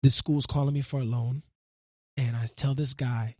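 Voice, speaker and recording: A man, telling his life story as a guest in a radio studio, animated and full of casual slang, acting out the voices of people he quotes. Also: mid-range voice, normal speed, dry recording. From Brooklyn, New York. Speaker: musician and actor guest.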